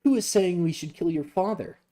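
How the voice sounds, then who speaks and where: Man playing a pleading young woman mage, pitched up, on the dark side. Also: moderate pace, close to an everyday voice. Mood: alarmed. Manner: pitched up, urgent cries.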